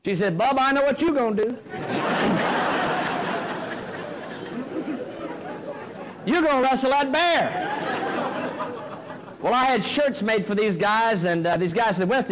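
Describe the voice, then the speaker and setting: A middle-aged man telling a funny story to an audience, folksy and animated, with comic timing. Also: high-pitched, slight background noise, low-quality recording. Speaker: motivational speaker. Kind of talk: humorous storytelling speech. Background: audience laughter.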